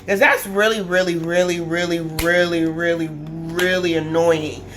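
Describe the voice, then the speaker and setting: This tarot reader has a lowish voice with fairly even intonation and a measured pace. Facing the camera in a casual reading, she thinks aloud and emphatically goes back over her points, with a faint hiss or hum in the audio.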